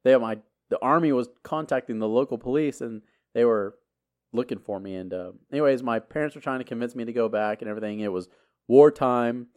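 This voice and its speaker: A middle-aged man, hosting a podcast. He spins a long story off the cuff, stumbling through filler words and restarting his sentences as he goes. His voice sits at an ordinary middle pitch. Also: brisk, darkish tone. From Texas. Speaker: podcast host. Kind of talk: casual storytelling.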